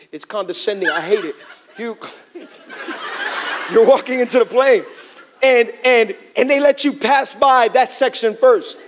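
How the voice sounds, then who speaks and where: Guy pastor with a really high voice, jokey animated sermon to the church crowd. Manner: humorous, animated storytelling to a congregation. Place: church in front of a congregation.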